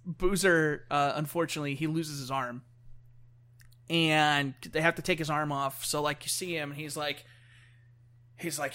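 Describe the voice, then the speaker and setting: A man with a high, bright voice gushing in a casual chat. He talks excitably and scatters "like" through every sentence, laughing along as he goes. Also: normal speed, pauses often. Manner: excitable, full of "like" fillers.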